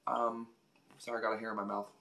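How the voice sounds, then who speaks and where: A woman's voice: a bass voice, monotone, racing, fairly bright tone. A woman hosting a casual beauty product review vlog, chatty and gushing, often repeating words for emphasis. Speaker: beauty vlogger.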